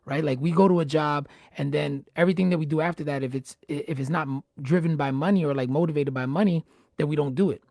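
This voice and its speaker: A man's voice: a little high, fast talker, darkish tone, no room sound, clean studio sound. A man hosting a casual live-streamed chat, talking animatedly and repeating words when he gets going. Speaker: host.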